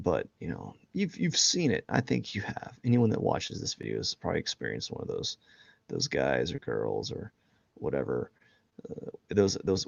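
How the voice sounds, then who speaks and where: A man with a low, gravelly voice chats while he draws on a live stream, his pitch swinging lively. He rambles and mocks himself with many fillers. The audio is a bit dull and dry. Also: dry recording. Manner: rambling, filler-heavy, self-mocking. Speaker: artist live-streaming a drawing session. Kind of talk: casual chat while drawing.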